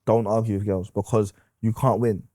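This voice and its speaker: A man's voice: fairly low pitch, little pitch movement, normal speed, dark tone. A man in his thirties with a London accent, a podcast guest giving blunt, opinionated views in casual slang. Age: 30s. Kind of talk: candid podcast conversation.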